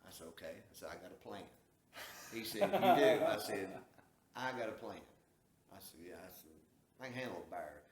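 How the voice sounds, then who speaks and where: A man's voice: sits low, animated, a little fast, long pauses, crowd noise. Folksy Southern man in an echoey room. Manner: folksy, drawling, acts out quoted dialogue. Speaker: storyteller. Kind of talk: casual storytelling.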